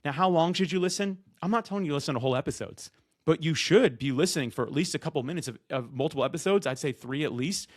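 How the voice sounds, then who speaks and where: A man speaks straight to camera about how to be a good podcast guest. He talks loud and rapid-fire, slipping into quick impressions of guests and hosts. The sound is close and dry, with no room around it. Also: a little high, dry recording. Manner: loud and fast, acts out quoted guests and hosts. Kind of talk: energetic direct-to-camera advice talk.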